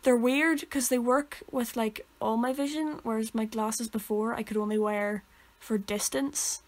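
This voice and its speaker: A young Northern Irish woman co-hosts a relaxed podcast, rambling through stories and correcting herself along the way. Her voice sits fairly high for a woman. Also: measured pace. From Northern Ireland. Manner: rambling, self-correcting storyteller. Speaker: podcast co-host. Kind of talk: casual chat.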